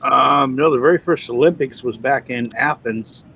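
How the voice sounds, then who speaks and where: A man telling a story in casual chat, animated and mimicking other people's lines. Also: mid-range voice, moderate pace, vocal fry, a little hiss or hum. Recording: muffled lo-fi stream audio.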